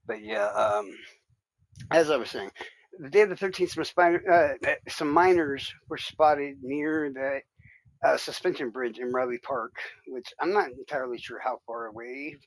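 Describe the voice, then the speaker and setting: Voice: medium pitch, moderate pace, no room sound, poor audio. A streamer with a Southern US accent, rambling casually and profanely through a true-crime story on a livestream. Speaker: livestream host. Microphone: desk mic on a livestream.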